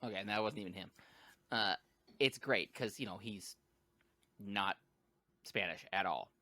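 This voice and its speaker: A man with a low but bright, forceful voice, recorded close and dry. He talks eagerly on a casual podcast and gets carried away when he tells a story. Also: a little slow, dry recording. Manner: enthusiastic storyteller, recaps movies. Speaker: podcast co-host. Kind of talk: casual chat.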